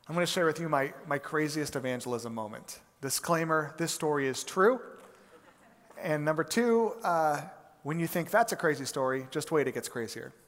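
A man preaching as a pastor, opening with prayer and then telling a story with animated, acted-out quotes in a church. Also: fairly high pitch, big-room sound. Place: church sanctuary.

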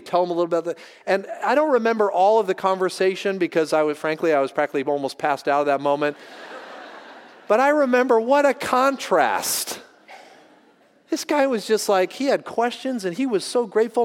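A pastor telling a personal story in a sermon, animated and acting out the voices of the people in it. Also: male voice, high voice, fast. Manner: animated, acts out voices in his anecdotes. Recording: long hall reverb.

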